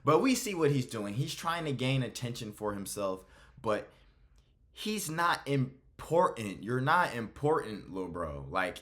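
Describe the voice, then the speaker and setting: A man's voice: mid-range voice, fairly bright tone. A man hosting casual reaction commentary, blunt and exasperated, cursing freely. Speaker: MMA commentary host.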